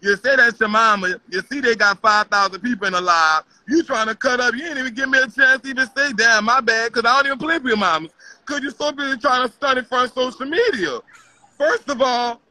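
A woman's voice: fairly high pitch, animated, quick pace, bright, forceful tone, dry recording, low-quality recording. A woman delivering a heated, profane rant on a live stream, confrontational and repetitive. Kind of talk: heated social media rant.

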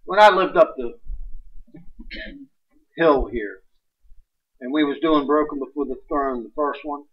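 A man preaching a sermon in a folksy, emphatic way, swinging between loud points and hushed ones. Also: fairly high pitch, a little slow. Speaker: pastor. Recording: dull distant livestream sound.

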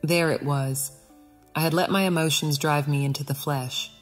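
A woman narrating a Christian allegorical audiobook in the first person, earnest and expressive. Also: low-pitched, normal speed, faint music behind.

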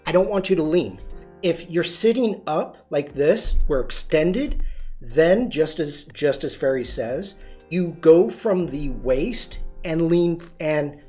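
A man's voice: a little high, a little mellow. A man hosting a live-streamed photography tutorial, chatty and demonstrative, greeting viewers and answering chat as he shows poses.

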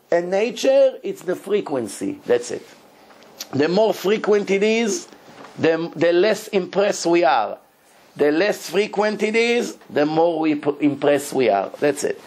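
A man, a rabbi, giving a Torah lesson in animated, broken English and acting out quotes. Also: high-pitched. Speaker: rabbi teaching a Torah class.

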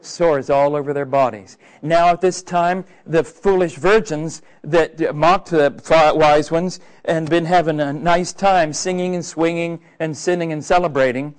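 A male preacher delivers a sermon in a loose, conversational way. His voice sits a little higher than most men's, and he leans on fillers and hesitations. He stays earnest and direct with his listeners throughout. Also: steady tone, unhurried, few pauses, clean tone, rough recording.

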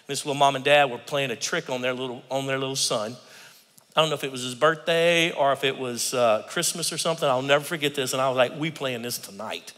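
A man preaching a sermon as pastor, animated, acting out quotes and swinging from hushed tones to shouts. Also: mid-range voice, quick pace. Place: church sanctuary. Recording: church hall reverb.

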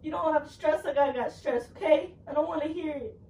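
A woman's voice: high-pitched, a little fast, dark tone. A young woman in a heated argument at home, blunt and exasperated and swearing often. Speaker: girlfriend. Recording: roomy, distant and noisy.

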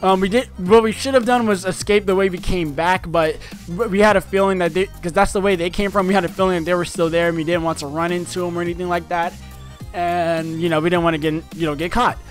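A man's voice: high-pitched, steady tone, fast talker, soft background music. A young man telling a personal story to his viewers in a rambling, casual way, full of fillers and restarts. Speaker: vlogger.

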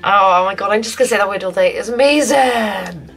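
A young woman vlogging a casual film review, gushing and excitable, often restarting her sentences. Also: medium pitch, rapid-fire, soft background music, low-quality recording. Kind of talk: casual spoiler review to camera.

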